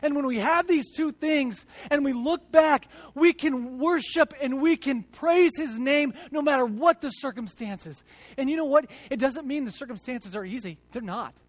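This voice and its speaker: High-voiced earnest young man preaching. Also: normal speed, no echo. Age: 30s. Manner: earnest, swings between loud emphasis and hushed reflection, repeats words. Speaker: church teacher. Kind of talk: sermon. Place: church, before a congregation.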